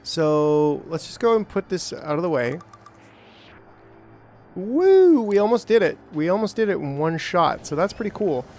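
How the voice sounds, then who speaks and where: Male streamer, slightly high voice, chatty self-talk with excited spikes. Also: moderate pace, few pauses, slight background noise. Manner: rambling, self-talking, jokey with bursts of excitement. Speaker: gameplay streamer. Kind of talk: casual let's-play commentary.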